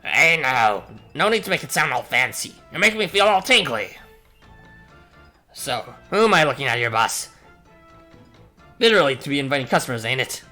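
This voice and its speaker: Man voicing a rough, casual engineer guy for a game, drawling, bright edge. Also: medium pitch, sing-song, moderate pace, pauses often, soft background music. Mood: gruff. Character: gruff casual male chief engineer.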